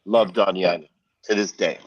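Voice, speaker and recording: A man's voice: low voice, fairly quick, dry recording. A middle-aged man spinning a casual, profane story as a podcast guest. He often restarts his lines, and the sound is dull and dry, a little distant from the microphone. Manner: animated, profane, full of restarts.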